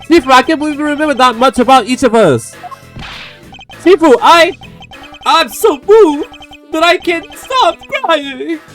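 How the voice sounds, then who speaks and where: A man's voice: very high voice, animated, measured pace, long pauses, fairly bright tone, soft background music, voice pushed up, exaggerated voice. A man doing an eager young police underling. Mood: moved. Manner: eager, earnest, overexcited.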